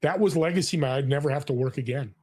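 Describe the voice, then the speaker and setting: A man's voice: medium pitch, quick pace, slightly rough. A man in his sixties, a guest in a casual interview, telling personal stories earnestly with lots of restarts. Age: 60s. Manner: earnest, animated storyteller with frequent restarts. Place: California.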